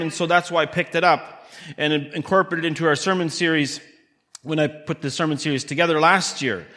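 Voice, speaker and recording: A man's voice: on the high side, bright, forceful tone. A man, a pastor, preaching a sermon in a conversational way, asking the congregation questions and acting out little scenes. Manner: conversational preaching with rhetorical questions and acted-out dialogue. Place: church. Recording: church hall with long reverb.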